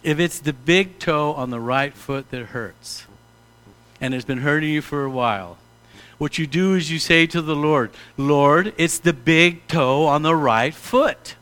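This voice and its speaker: Middle-aged male pastor, sermon delivery, forceful bright tone, slightly higher-pitched voice, playful mock-pompous asides. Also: a little slow, clear, resonant tone.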